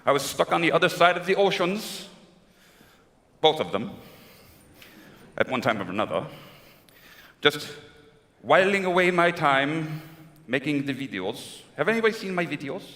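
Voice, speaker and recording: A man's voice: on the high side, normal speed, pauses often. Man doing a gushing aging Latin film star. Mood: fawning. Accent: put-on Spanish. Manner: flattering, gushing, drawling. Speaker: convention guest performer. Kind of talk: live comedy impression on stage. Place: large convention hall. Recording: echoey hall with crowd.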